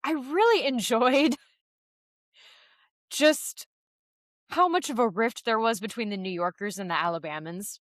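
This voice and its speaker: A woman's voice: fairly high pitch, unhurried, long pauses, no room sound. Female podcast co-host from Southern Indiana, chatty and playful, dry close recording. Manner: chatty, laughs easily, playful with accents. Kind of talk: casual movie chat.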